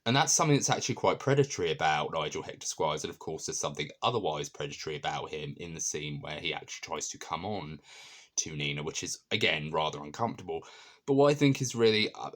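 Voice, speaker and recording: A man's voice: sits low, a bit bright. A man casually reviewing a TV episode, enthusiastic and rambling, with many ums and restarts.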